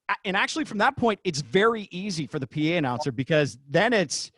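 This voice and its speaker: Excitable man telling arena stories, dry sound. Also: high voice, fast, few pauses, no echo. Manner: excitable, acts out shouted quotes. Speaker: guest, former arena announcer. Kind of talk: animated storytelling in a podcast interview.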